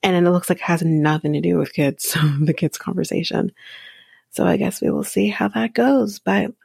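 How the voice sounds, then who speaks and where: Woman, podcast host, casual TV recap, lowish voice, vocal fry, dry close sound, wry asides. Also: normal speed, a little mellow, no echo. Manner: chatty with wry sarcastic asides.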